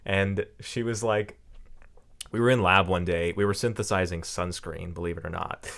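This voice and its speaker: A young man co-hosting a podcast in casual chat, telling stories in an animated way and laughing often. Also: low-pitched, moderate pace, vocal fry. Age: young adult. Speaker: podcast co-host.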